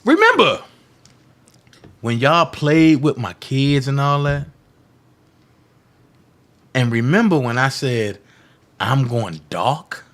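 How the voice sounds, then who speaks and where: A man hosting a political livestream, delivering a heated, defiant monologue that taunts his critics, repeats phrases for emphasis and swings from loud outbursts to hushed asides. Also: medium pitch, slow pace, long pauses.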